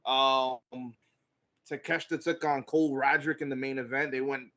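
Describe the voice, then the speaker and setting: A man's voice: mid-range voice, flat delivery, moderate pace, bright, forceful tone. A man co-hosting a wrestling podcast, recapping shows in a laid-back, casual way. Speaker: podcast co-host. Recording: dull lo-fi audio.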